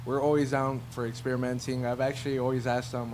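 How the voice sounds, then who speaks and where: An easygoing man chatting as a band guest in a casual radio interview, his voice mid-pitched and relaxed. He laughs often and leans on fillers like "uh" and "you know". A faint hum sits under the recording. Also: fast, hardly any pauses.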